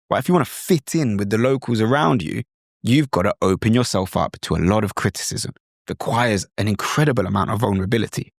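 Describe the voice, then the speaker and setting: A British man hosting an instructional podcast, talking in a lively, demonstrative way and sometimes slipping into mimicked accents. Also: fairly low pitch, a little fast, no echo, clean studio sound. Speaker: podcast host.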